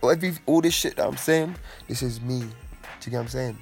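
Podcast host, mid-pitched, preachy and profane, faint music behind. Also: male voice, fast talker, creaky. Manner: preachy, profane, emphatic ranting. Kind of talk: casual podcast chat.

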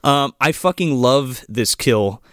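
A man's voice: mid-range voice, slow pace, a bit bright, no room sound, clean studio sound. A man co-hosting a casual movie review podcast who swears freely and laughs often. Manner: profane, laughs often, jumps in with jokes. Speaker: podcast co-host.

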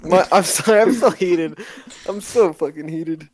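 A man's voice: a little high, measured pace, a little mellow. A young man co-hosting a casual podcast, rowdy and teasing, laughing often. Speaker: podcast co-host.

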